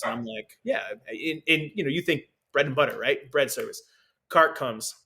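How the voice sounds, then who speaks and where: A young man, a restaurant owner, telling a story in casual podcast talk, animated and full of fillers. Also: on the high side, moderate pace, noisy background. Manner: animated, filler-heavy, laughs often.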